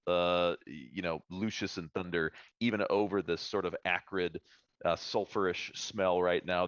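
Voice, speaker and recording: A man narrating a tabletop game as game master, halting with fillers and restarts as he describes the scene. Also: deep voice, fairly bright tone, dry recording. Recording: dull, lo-fi stream audio.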